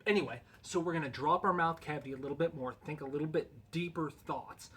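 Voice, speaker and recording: A man's voice: on the high side, fast talker, fairly bright tone, slight background noise. A man in a casual instructional video, explaining goose calling in a loose, folksy, conversational way.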